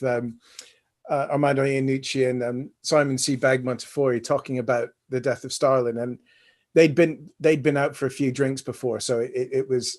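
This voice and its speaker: A man on a casual video-call panel, telling an anecdote in an animated way. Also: mid-range voice. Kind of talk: casual live panel chat.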